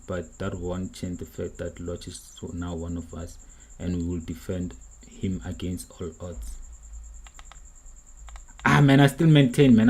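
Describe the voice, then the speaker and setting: A man's voice: lowish voice, warm tone, low-quality recording. A young man hosting a football reaction stream, earnest and frustrated, repeating his points. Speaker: livestream host.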